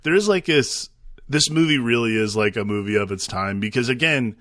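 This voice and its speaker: A man's voice: mid-range voice, lively intonation, moderate pace, a bit bright, no room sound, studio quality. A man co-hosting a movie podcast, talking in an easygoing, thoughtful way and often trailing off mid-sentence. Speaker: podcast co-host. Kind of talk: casual movie review chat.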